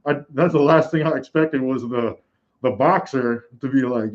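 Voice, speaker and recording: A man's voice: medium pitch, moderate pace, a little mellow, dull audio. A man hosting a live combat sports reaction stream, talking in a casual, rambling way with lots of fillers. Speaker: host.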